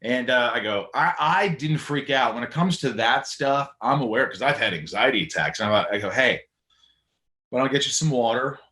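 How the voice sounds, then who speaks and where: A man speaking as a guest on a podcast, spinning an animated story at a middling pitch. He slips into quick impressions of the people he quotes, then drops back into his easy conversational tone. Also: roomy sound. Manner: animated, acts out quoted voices.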